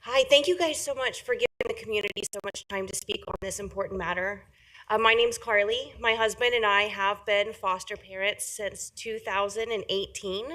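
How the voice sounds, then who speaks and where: A woman's voice: medium pitch, fairly even intonation, moderate pace, a bit bright, poor audio. A woman speaks at a podium microphone in a meeting room. She is a foster parent and opens in a friendly, self-deprecating way before giving her comment. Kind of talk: public comment at a county meeting. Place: county commission meeting room.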